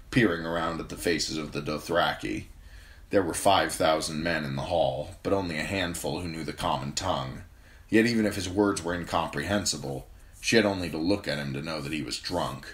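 A man reading a fantasy novel aloud as an amateur audiobook narrator, steady and even. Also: rumbling low.

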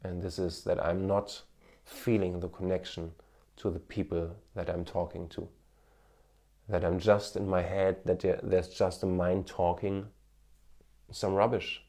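A man in his thirties speaks in a low, level, slightly slow voice with a gravelly, dark tone. His German accent carries a slight Indian tinge as he gives earnest, encouraging advice to camera, using many fillers. He's a marketing coach and former TV cameraman, recorded on a smartphone with an external microphone.

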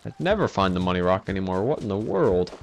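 A man's voice: fairly low pitch, creaky. A man giving casual, self-mocking commentary over a video game, laughing often at his own mishaps. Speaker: let's play commentator.

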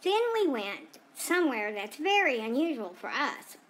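A woman's voice: high-pitched, big pitch swings, unhurried, fairly bright tone, full character voice. A woman voicing a chatty female dog who tells about her day in a rambling, gossipy way, full of asides. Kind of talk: first-person pet vlog narration.

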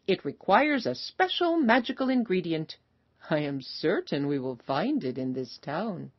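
A woman voicing a cheerful, boastful male traveling cook in an animated storybook, announcing in a showy, sing-song way. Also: low voice, measured pace, full character voice. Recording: slightly dull recording, faint noise.

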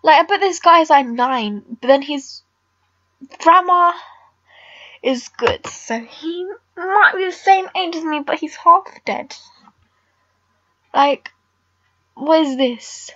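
A woman's voice: high-pitched, slow pace, long pauses, sharp tone, dry recording, highs cut off. A teenage girl chatting casually over her game recording, rambling and blunt with lots of filler words. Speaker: gamer vlogger.

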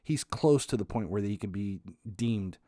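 A man with a low-pitched voice hosts a podcast and tells a comic story about his family. He speaks casually and with energy, swearing freely, restarting his sentences and laughing through the funny parts. The sound is dry and close to the mic. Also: no room sound. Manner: animated, swearing, frequent restarts, quick to laugh. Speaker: podcast host.

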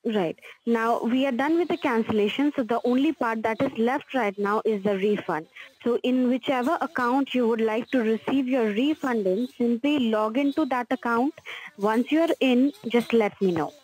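This scam caller is a woman whose fairly high voice has a slight mellowness and moves at an ordinary speed. Her tone is patient, her wording clearly read from a script, and "sir" keeps recurring.

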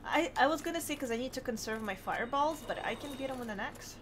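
A woman hosting a game stream, chatting casually, giggly and excitable. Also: high voice, fast, a little hiss or hum. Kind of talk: casual chat while gaming.

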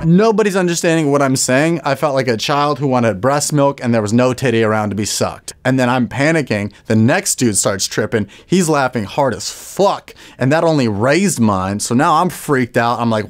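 A young man tells a comic story at a brisk pace, swearing freely and leaping up in pitch whenever he hits a punchline or acts out someone. His voice sits in a middle range for a man, and a little music plays softly underneath. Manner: rapid, profane, jumps high for punchlines and acts out people. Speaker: comedian telling a story.

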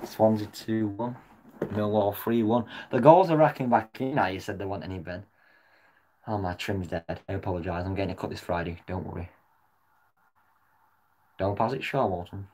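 A man reacting live to a football match as a fan vlogger. He swears often and swings between muttered comments and loud yells at the referee. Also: on the low side, moderate pace, long pauses.

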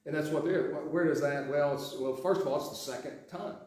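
A man's voice: fairly high pitch, brisk, a little mellow. A man preaching a sermon as pastor, talking conversationally with many restarts and acting out the quotes he reads. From Sweetwater. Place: church sanctuary. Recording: very echoey sanctuary.

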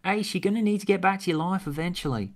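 A man's voice: fast talker, natural voice. A man putting on a weary Australian woman. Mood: urging. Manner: put-on Australian accent, raised pitch.

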